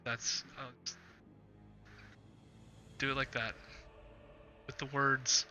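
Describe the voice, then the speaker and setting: A man's voice: medium pitch, flat delivery, takes it slowly, pushed and bright, faint music behind. A man running a tabletop game as game master, rambling with many fillers.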